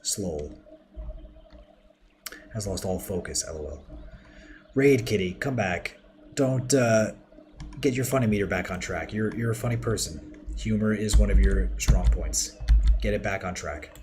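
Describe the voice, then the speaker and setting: A man's voice: fairly low pitch, measured pace, long pauses, darkish tone, a little hiss or hum. A man chatting casually through a game livestream, rambling and talking to his chat as he builds. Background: keyboard typing and mouse clicks.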